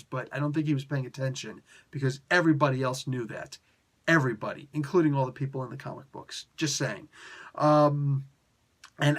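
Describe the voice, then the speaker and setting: A man giving a casual spoken comic book review, ranting and sarcastic, exasperated with the story. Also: mid-range voice.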